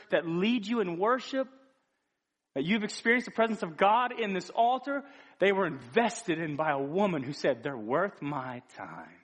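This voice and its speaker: A man's voice: high voice, a bit bright. A man preaching a sermon in an earnest, conversational way, often restarting his sentences.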